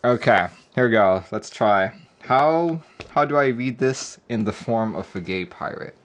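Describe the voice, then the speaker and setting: A man's voice: mid-range voice, expressive, unhurried. A man live-streaming a keyboard build, chatting casually and joking with viewers. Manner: laid-back, joking with chat, often laughing.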